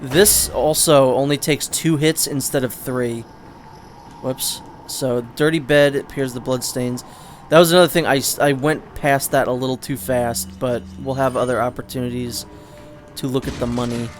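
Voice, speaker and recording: A man's voice: medium pitch, fairly even intonation, normal speed, faint music behind. A man giving casual, rambling gameplay commentary as a let's play host, restarting sentences and swearing now and then. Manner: rambling and chatty, with frequent restarts and sudden swearing.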